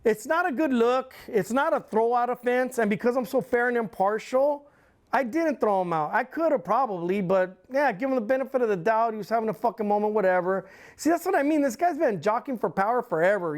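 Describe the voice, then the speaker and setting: A middle-aged man talks bluntly in an interview, his speech heated and thick with profanity. He tells his story casually, defending himself point by point. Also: sits high. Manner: blunt, heated, swears constantly. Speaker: interview guest, former club president.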